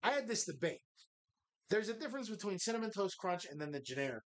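A man's voice: high-pitched, sing-song, fast talker, fairly bright tone. A man hosting a live bar show, chatting casually in a rambling, profane, jokey way.

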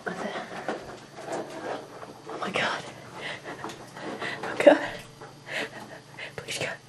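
A young woman acting in a home comedy sketch, mumbling and whispering groggily, then bursting into frantic shouts. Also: drawn-out words, background noise. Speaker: comedic video sketch performer. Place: home kitchen.

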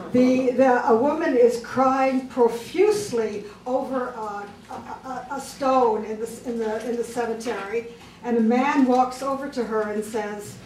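Female stand-up comic, slow deliberate joke teller, roomy distant club recording. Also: fairly high pitch, darkish tone. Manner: deliberate, drawn-out joke delivery with filler pauses. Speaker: stand-up comedian. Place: comedy club stage. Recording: roomy club sound from far off, crowd noise.

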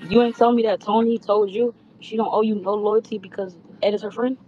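A woman talking low on a phone call from an airplane, pressing her point and cutting others off. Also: fairly even intonation, brisk, mellow. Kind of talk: heated phone call argument. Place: airplane cabin. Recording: muffled phone audio with faint hum.

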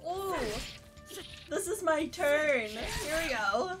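A young woman streaming a video game, slightly hoarse from yelling, chatting casually and laughing often. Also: high voice, animated, takes it slowly. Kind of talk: casual livestream chat while gaming. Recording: game music playing behind.

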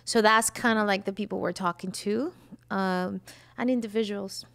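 A woman's voice: medium pitch, steady tone, normal speed, gravelly, a bit bright. A woman who founded a film studio, answering interview questions in a casual, easygoing way with frequent laughs. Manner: easygoing, laughs often, fills with "you know" and "like".

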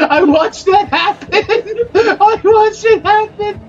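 High, shrieking woman gamer. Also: steady tone, very slow, a little mellow, far from the mic, dull audio, faint music behind. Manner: shrieks and yelps in panic. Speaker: gamer recording gameplay. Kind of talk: excited gameplay commentary.

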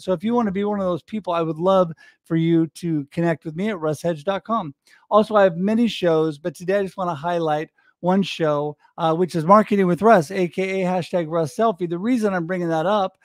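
A man hosting a live business talk show, enthusiastic and high-energy, talking straight to his audience. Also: darkish tone, no room sound, clean studio sound. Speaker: host.

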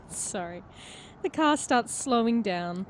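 A woman playing a story game, reading its text aloud as an expressive narrator and chatting between passages. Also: a little high, slow pace, a little hiss or hum. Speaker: player and host of a game playthrough.

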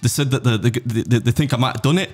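A man's voice: medium pitch, fast talker, husky. A man in casual podcast chat, telling a funny story and acting out the people in it. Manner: laughing anecdote teller, acts out quotes.

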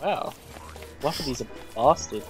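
A young man co-hosting a let's play, chatting in an excitable way and laughing often, over a headset or desk mic. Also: medium pitch, unhurried, music in the background. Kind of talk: casual gaming chat.

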